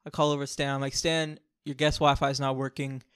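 A man co-hosting a podcast, telling a long comic story in an animated, joking way. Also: medium pitch, fairly quick, clear, resonant tone, no echo, clean studio sound. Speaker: podcast co-host. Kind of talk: casual storytelling chat.

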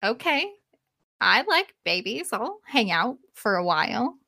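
A woman's voice: on the high side, big pitch swings, unhurried, vocal fry, pushed and bright, exaggerated voice. A woman voicing a proud goddess who talks in a casual, offhand way. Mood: breezy. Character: proud goddess, breezy and blunt.

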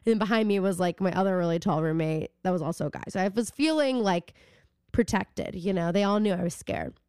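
A woman's voice: fairly low pitch, brisk, clean tone, no room sound, studio quality. A woman in her twenties, a podcast co-host in casual chat, telling a story with a lot of energy and cursing freely. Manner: animated storytelling, swears freely.

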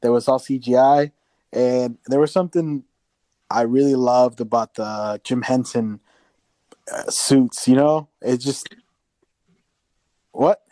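Dark-voiced rambling man on a podcast. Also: medium pitch, fairly even intonation, slow pace, long pauses, dry recording. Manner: rambling with many restarts, swears casually. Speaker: podcast co-host. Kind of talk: casual podcast chat.

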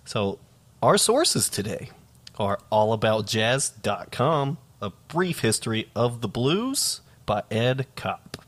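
A man's voice: medium pitch, big pitch swings, takes it slowly. A man co-hosting a comedy podcast, teasing dryly and swearing. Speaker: podcast co-host. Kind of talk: casual comedic podcast banter.

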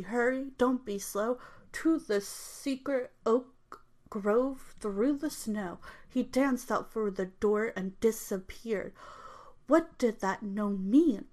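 A young adult woman who hosts her own channel, chatting to viewers and then reading a children's fairy story aloud in a lilting storybook manner. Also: medium pitch.

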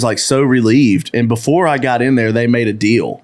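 A man's voice: mid-range voice, fairly quick, hardly any pauses. A young man, a podcast guest, telling a story casually and animatedly, often breaking into laughter.

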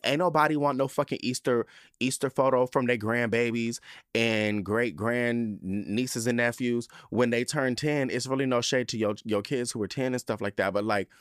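A man hosting a podcast, telling a story in a campy, profane, animated way. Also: medium pitch, moderate pace, no room sound, studio quality. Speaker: podcast host. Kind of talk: casual chat.

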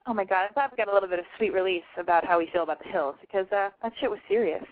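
A woman hosting a call-in show, blunt, profane and excitable in casual chat. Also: medium pitch, very fast. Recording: tinny phone-like sound.

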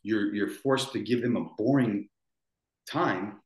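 A man in his forties, appearing as a podcast guest, tells a painful story in a rambling way, restarting and repeating himself. His voice is fairly low and his pace slow, and the recording has a roomy echo.

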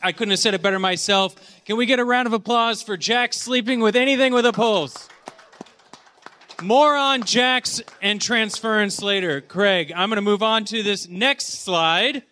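A man with a high, bright voice runs a live comedy panel like a lecture. He keeps a deadpan, mock-academic tone, and his voice sounds clean and crisp. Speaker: podcast host. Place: convention panel room with live audience.

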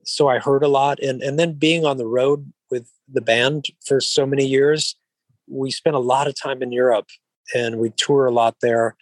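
Mellow, rambling man in a dry, close recording. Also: medium pitch, moderate pace, no room sound, poor audio. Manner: even-keeled, mellow; rambling with frequent restarts and "you know". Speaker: actor, interview guest. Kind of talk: relaxed interview conversation.

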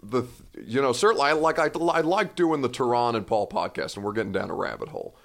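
A man's voice: medium pitch, sing-song, fast, creaky. A man hosting a podcast in a casual, chatty way, with self-deprecating rambling asides. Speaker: podcast host. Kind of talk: casual chat.

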